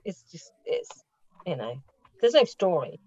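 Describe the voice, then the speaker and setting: A woman's voice: fairly low pitch, very animated, a little slow, dark tone, husky, highs cut off. A woman reviewing a film in casual radio chat, talking freely and laughing often. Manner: chatty, laughs often, restarts.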